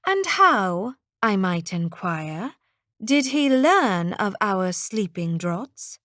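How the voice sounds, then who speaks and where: A woman's voice: a little high, sing-song, slow, no room sound, clean studio sound. A woman voicing an authoritative eldest princess with a dismissive, commanding manner. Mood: reproachful.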